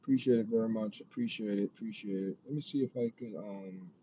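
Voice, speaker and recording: Speaking quickly in a fairly low, dark voice, a livestream host with a Jamaican accent rambles casually to viewers. He repeats himself and often says "you know what I mean," and the lo-fi audio sounds dull with faint noise.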